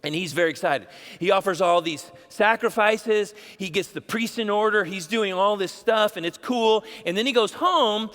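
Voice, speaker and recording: A man's voice: high voice, normal speed, hardly any pauses, a bit bright, long reverb tail. A man, a pastor, preaching a sermon in a casual storytelling way, acting out bits of dialogue.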